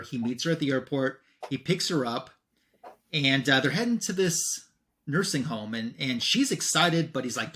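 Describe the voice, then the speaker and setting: A man with an ordinary mid-range voice recaps a comic book plot for his show. He talks casually and fills gaps with ums. His voice swings up and down in pitch and loudness as the story unfolds. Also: expressive, moderate pace, a little hiss or hum. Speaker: comic review show host.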